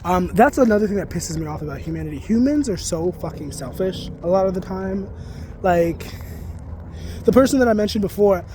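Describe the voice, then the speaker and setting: A man's voice: high voice, darkish tone, a little hiss or hum. A man venting in a casual vlog rant, heated and full of swearing, recorded outdoors. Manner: profane, heated, rambling. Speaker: psychic reader and spiritual content creator. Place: outdoors near geese.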